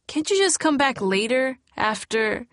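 Woman doing a scared teen girl, higher and louder, urgent pleading questions, dry close sound. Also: very animated, a little slow, no echo. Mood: upset, pleading. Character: teenage girl, frightened and pleading.

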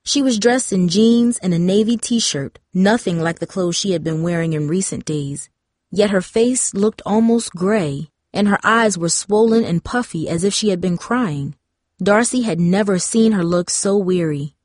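A woman reading a story aloud in steady, scripted narration. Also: mid-range voice, a little slow, dry recording, clean studio sound. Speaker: audiobook narrator.

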